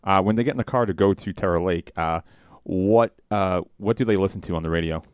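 A man co-hosting a casual chat, retelling scenes in an animated way. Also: low voice, brisk, clear, resonant tone, no room sound. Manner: animated storyteller, acts out scenes.

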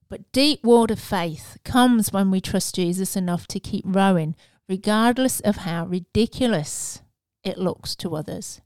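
A woman's voice: mid-range voice, normal speed, a little mellow, clean tone, no room sound. A woman preaching a casual devotional message in an earnest, conversational way, with fillers and restarts.

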